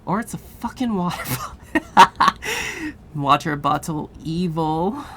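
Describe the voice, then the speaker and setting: A woman's voice: sits low, expressive, takes it slowly, fairly bright tone. A woman streamer chatting casually, swearing freely and laughing often. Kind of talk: casual live-stream chat.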